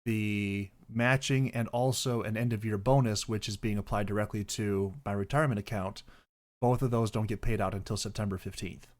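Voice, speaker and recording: In a casual chat on stream, a young male podcast host rambles, often correcting himself mid-sentence and bursting into loud mock voices. His voice is lowish and steady, at a normal speed.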